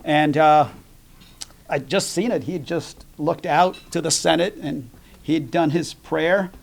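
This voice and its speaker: A man's voice: fairly high pitch, slow pace, creaky. A middle-aged man from the United States giving a policy talk at a dinner, telling jokes and stories in a conversational way. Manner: conversational, jokey storytelling with fillers. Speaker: dinner program speaker.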